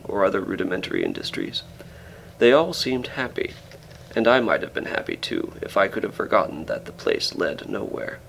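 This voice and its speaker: Brief: male audiobook narrator, low gravelly voice, lively intonation, measured storytelling. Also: a little hiss or hum, low-quality recording. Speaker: audiobook reader. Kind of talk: scripted narration of a classic story.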